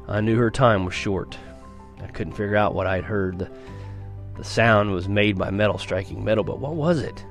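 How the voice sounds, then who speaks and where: A man with a slightly low voice reads a first-person story aloud, earnest and unpolished, now and then tripping over a word and starting it again. Soft music plays faintly behind his reading. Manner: earnest storytelling with small restarts and stumbles. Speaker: reader of a novel.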